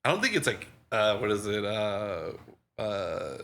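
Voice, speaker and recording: A podcast co-host chats casually about a movie, laughing often, swearing, and restarting his sentences. His voice is fairly low-pitched and fairly bright, with a sing-song quality and a slightly slow pace.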